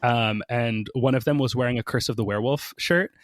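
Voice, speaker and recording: A man's voice: mid-range voice, brisk, dry recording, studio quality. A man guest on a podcast, casually telling a story with lots of "like" and "um" and acting out the people he quotes. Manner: chatty, many fillers, acts out quoted people.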